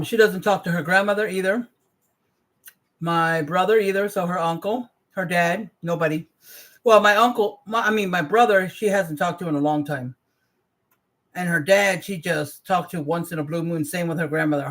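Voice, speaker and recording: A woman's voice: on the low side, a bit bright. A woman in her forties chatting casually on a livestream, rambling in trailing asides and greeting viewers. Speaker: livestream host.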